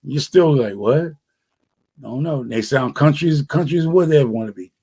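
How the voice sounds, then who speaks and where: A man's voice: on the high side, lively intonation, brisk, mellow, slightly rough. Laid-back New man chatting. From New York City. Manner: rambling, laid-back, slangy. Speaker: podcast host. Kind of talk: casual chat.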